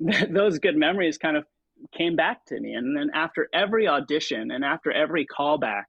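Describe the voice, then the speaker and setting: A man's voice: fairly high pitch, fairly quick, vocal fry, breathy edge, no echo, dull audio. A man in his thirties, a stage and TV performer, telling stories as an interview guest with many fillers and restarts. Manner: hesitant, lots of fillers and restarts, animated when quoting himself. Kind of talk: relaxed conversational storytelling.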